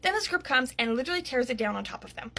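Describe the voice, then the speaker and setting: A woman in her thirties, an author, retelling a story in an indignant, animated vlog style, still worked up. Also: high-pitched, racing. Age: 30s.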